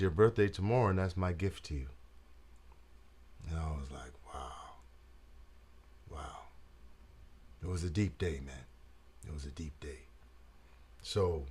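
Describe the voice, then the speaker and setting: A man's voice: fairly low pitch, fairly bright tone. A man hosting his own channel, telling a story in casual jazz slang and often saying "man" and "you dig". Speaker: trumpet player and channel host.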